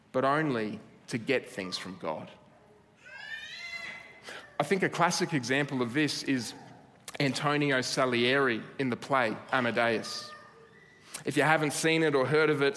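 A man's voice: fairly high pitch, a bit bright. A man preaching a sermon in an earnest way, building emphasis through repeated phrases. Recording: long hall reverb.

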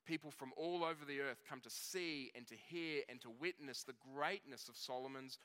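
A man preaching a sermon, telling the story in a conversational way and slowing down on key words. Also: mid-range voice, a bit bright, smooth. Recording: long reverb of a hall.

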